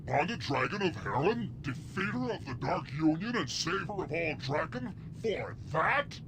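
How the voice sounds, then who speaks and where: A man's voice: fairly high pitch, very animated, a little slow, background noise. An actor playing a proud, ancient male dragon in a game cutscene, imperious and indignant. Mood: haughty.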